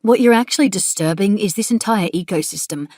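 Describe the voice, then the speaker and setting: A woman voicing a bold, theatrical young woman with an Australian accent who speaks forcefully and cuttingly. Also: mid-range voice, brisk, dry recording, clean studio sound, lightly acted. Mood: scathing.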